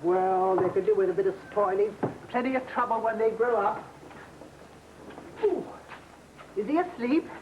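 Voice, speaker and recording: An actress playing a chatty, kindly household servant who talks in a homely, colloquial way, in an old television drama. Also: female voice, mid-range voice, moderate pace, pauses often, natural voice. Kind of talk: 1960 television drama acting. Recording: dull, hissy old television sound.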